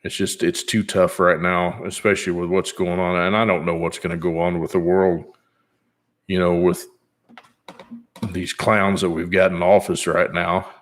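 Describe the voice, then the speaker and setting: A man's voice: low-pitched, level tone, normal speed. A man in his fifties chatting casually on his vlog in a rambling, easygoing way, with many fillers. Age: 50s. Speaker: channel host.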